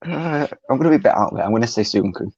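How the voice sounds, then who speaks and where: A man's voice: mid-range voice, lively intonation, racing, gravelly, a little mellow, breathy edge, no echo. A man who is a fan guest on a call, answering briefly and matter-of-factly. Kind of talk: casual chat. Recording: dull lo-fi dry call audio.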